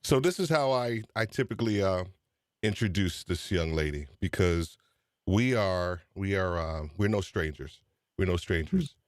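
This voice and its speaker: A man's voice: low-pitched, expressive, moderate pace, dry recording, clean studio sound. A man hosting a live-streamed podcast show, chatty and upbeat, teasing his guest. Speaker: host.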